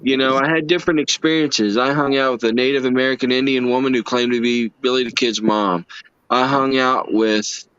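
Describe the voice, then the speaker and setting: A man's voice: medium pitch, fairly even intonation, fairly quick, a bit bright, smooth, no echo. Earnest man telling stories. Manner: earnest, emotional, folksy with y'all. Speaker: livestream guest. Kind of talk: casual storytelling chat. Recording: dull lo-fi stream audio.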